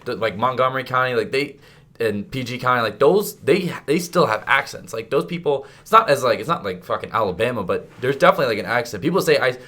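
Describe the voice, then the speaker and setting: A young man from Maryland hosting a podcast, chatting casually, swearing freely and telling lively anecdotes. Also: mid-range voice, quick pace. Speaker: podcast host. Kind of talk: casual interview chat.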